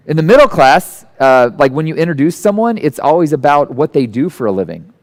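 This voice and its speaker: A man giving a conversational sermon who tells stories and acts out the people in them with sudden jumps into a high voice. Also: sing-song, brisk. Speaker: guest speaker. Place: church hall.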